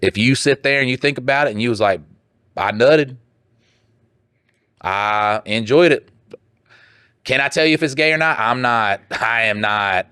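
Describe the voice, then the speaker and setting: A man's voice: medium pitch, a little slow, pauses often, pushed and bright, clear, resonant tone, no echo, studio quality. A man co-hosting a podcast in crude casual chat, blunt and profane, reading listener letters aloud. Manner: blunt, profane, mocking put-on voices. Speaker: podcast co-host.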